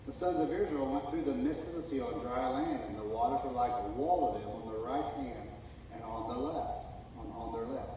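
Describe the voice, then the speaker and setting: A man's voice: medium pitch, moderate pace, a little hiss or hum. A middle-aged man preaching a sermon as pastor, reading scripture and talking with humor. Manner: reads scripture, then preaches with rising excitement and humor. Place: church sanctuary. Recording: echoey church hall from far off.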